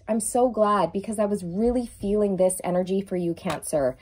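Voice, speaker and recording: A woman doing an effusive, emphatic tarot reading, stretching out key words and now and then singing a lyric softly. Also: medium pitch, normal speed, slightly rough. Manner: sings song lyrics softly at times. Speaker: tarot reader.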